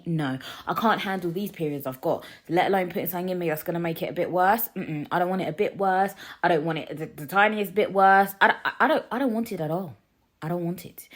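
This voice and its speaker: A woman hosting her own podcast, chatting in a confiding way with many restarts and a lingering cough, recorded in a living room. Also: medium pitch. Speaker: podcast host. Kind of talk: casual solo podcast chat.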